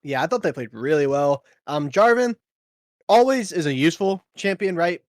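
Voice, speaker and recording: Laid-back caster with a dry close sound. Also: male voice, fairly high pitch, animated, moderate pace, no echo. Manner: easygoing, laughs often, many fillers. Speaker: esports caster. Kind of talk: play-by-play commentary.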